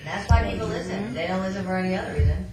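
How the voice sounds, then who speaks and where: A woman's voice: fairly low pitch, racing, a loud crowd. A woman in her forties, a small business owner guesting on a radio talk show, teasing in dry humor. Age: 40s. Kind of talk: casual studio chat.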